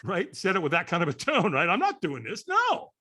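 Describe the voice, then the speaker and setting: A man in his sixties from California, a podcast guest telling a story in an animated way, acting out the voices of the people in it. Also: sits high, brisk. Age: 60s. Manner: lively storyteller acting out voices, frequent "right?".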